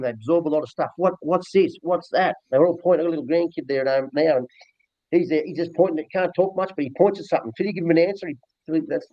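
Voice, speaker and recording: A man's voice: a little high, no room sound. An older man with an Australian accent, a dog trainer talking bluntly and rambling earthily in a casual interview. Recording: dull lo-fi dry recording.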